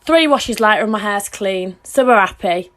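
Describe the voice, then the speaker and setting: A woman's voice: mid-range voice, expressive, normal speed, fairly bright tone. A woman chatting through a makeup vlog, cheeky and self-mocking.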